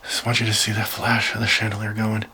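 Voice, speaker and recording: A man filming alone inside a house for a paranormal video diary, nervously calling out to spirits and often dropping to a hushed whisper. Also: fairly low pitch, completely flat delivery, quick pace, slight background noise, low-quality recording. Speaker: paranormal vlogger. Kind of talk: solo ghost-hunting video diary.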